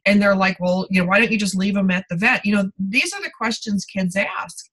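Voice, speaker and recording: Middle-aged woman guest, candid storyteller, medium pitch. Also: brisk, fairly bright tone, rough recording. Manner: candid storytelling, many fillers and restarts. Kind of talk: podcast conversation.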